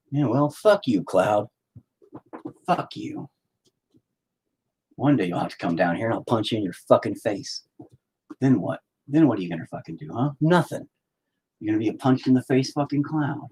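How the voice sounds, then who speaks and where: While painting, a vlogger rambles to his viewers and swears in mock anger. His fairly low voice is animated, a little mellow, and slightly rough, moving at a moderate pace with frequent pauses.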